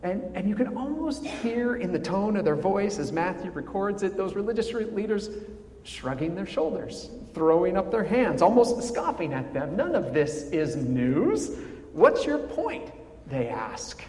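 A man preaching a sermon as pastor, measured and full of dramatic pauses, with wry asides. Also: high-pitched, expressive, darkish tone. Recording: echoey hall with faint ambience.

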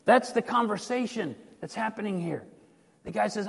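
Animated man preaching in a reverberant hall. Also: sits high, moderate pace, vocal fry, husky. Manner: animated, conversational, digressive. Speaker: pastor. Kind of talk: sermon.

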